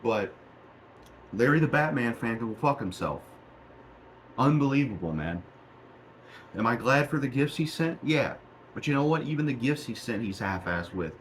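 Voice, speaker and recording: Man, angry profane rant, young adult, mid pitch, home recording, faint background noise. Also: expressive, normal speed, long pauses, poor audio. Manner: profane, heated, repetitive ranting. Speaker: YouTuber. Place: small home room. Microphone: cheap home mic.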